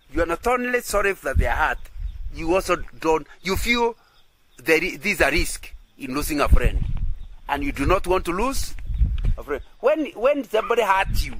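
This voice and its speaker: A man's voice: a little high, a bit bright, slight background noise, low-quality recording. A man teaching in a sermon style who keeps checking that listeners agree and often repeats and restarts his phrases. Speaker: Christian teacher.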